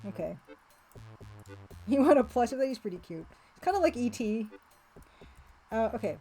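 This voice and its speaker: A woman's voice: on the high side, sing-song, normal speed, pauses often, mellow, husky, faint music behind, poor audio. A woman streamer chatting casually and laughing often as she plays a retro game, reading its text aloud. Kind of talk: casual live-stream chat while playing a retro game.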